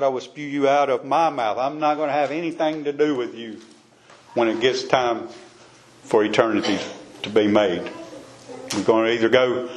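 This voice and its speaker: Folksy man teaching Bible study. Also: mid-range voice. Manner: folksy, conversational, repeats himself.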